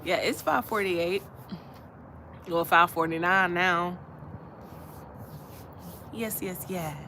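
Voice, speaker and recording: A woman's voice: fairly low pitch, takes it slowly, sharp tone, a little hiss or hum. A woman from Alabama with a Southern accent, hosting a casual livestream chat, easygoing and laughing often as she repeats her phrases. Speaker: livestream host.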